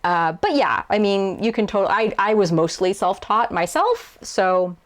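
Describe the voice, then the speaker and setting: A woman's voice: mid-range voice, expressive, normal speed. A young woman translator casually answering viewer questions to camera, chatty and self-deprecating, with frequent fillers and restarts. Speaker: YouTuber and translator.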